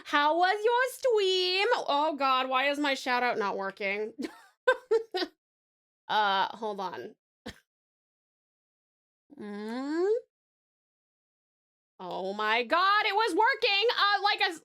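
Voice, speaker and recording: A woman from Tasmania chatting on a live stream, greeting viewers warmly and gushing over their art in a flustered, affectionate way. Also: sits high, expressive, takes it slowly, long pauses. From Tasmania, Australia. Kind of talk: casual live-stream chat.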